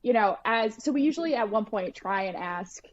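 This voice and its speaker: A woman's voice: medium pitch, normal speed. Woman podcast host on dull lo-fi audio. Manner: relaxed, conversational, asks long rambling questions. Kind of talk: casual podcast interview.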